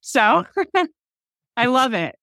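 Animated woman in her forties. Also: on the high side, drawn-out words, gravelly, no room sound, studio quality. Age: 40s. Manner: animated, laughs often, acts out quoted dialogue. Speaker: guest, cemetery preservation business owner. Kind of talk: casual interview storytelling.

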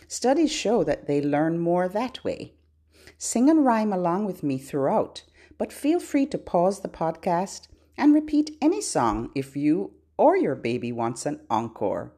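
A middle-aged woman, a children's librarian, hosting a podcast for babies with slow, gentle talk and sing-song children's songs. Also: fairly low pitch, husky. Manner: gentle, slow and sing-songy, switching between spoken tips and children's songs.

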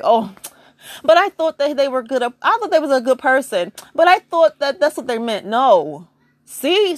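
In a dry, clean studio recording, a woman delivers blunt, preachy spiritual advice as a casual monologue. She's animated, with big leaps in pitch, fires off rhetorical questions, and swears freely.

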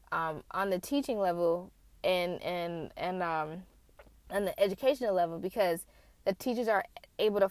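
A woman's voice: mid-range voice, no echo. A woman from the United States telling personal stories in a casual, candid way, swearing now and then, talking from a car. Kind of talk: casual storytelling.

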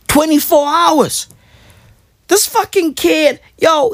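A woman's voice: a little high, no room sound, studio quality. A woman ranting casually as a football fan, slangy and repetitive, pleading over and over. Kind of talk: casual rant to camera.

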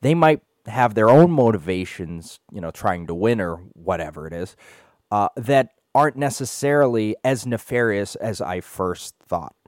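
A man hosting a podcast who also works as a sports official, talking in a thoughtful, measured way. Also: on the low side, lively intonation, a little mellow, no echo, clean studio sound. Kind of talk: casual podcast interview.

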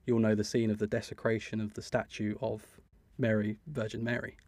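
A lowish male voice, recorded dry and close, chats casually as a podcast co-host. He is the eager superfan of the group and keeps padding his sentences with "sort of" while he walks through film details. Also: level tone, fairly quick, a little mellow, dry recording. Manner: fills with 'sort of', enthusiastic about details.

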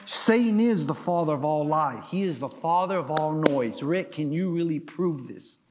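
A male pastor preaching a sermon, emphatic and rousing, asking the crowd questions and rising to shouts. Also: fairly high pitch, expressive, moderate pace, noisy background.

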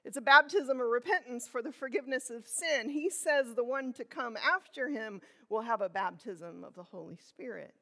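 A woman pastor preaching a sermon, slow and reflective, asking her listeners questions. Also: on the high side, a bit bright, in a large hall.

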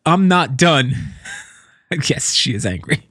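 A man talking casually about someone he knows from the music scene, halting and repeating words as he goes. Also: on the high side, very animated, fairly bright tone, dry recording, studio quality. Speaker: musician commenting on scene news. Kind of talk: casual spoken commentary.

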